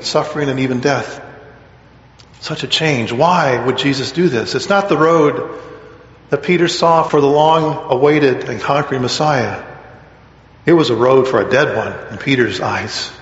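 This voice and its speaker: A man preaching a sermon in an earnest, questioning way. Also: moderate pace. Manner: earnest, questioning, rises in pitch on read-out quotes. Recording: echoey hall, dull lo-fi sound.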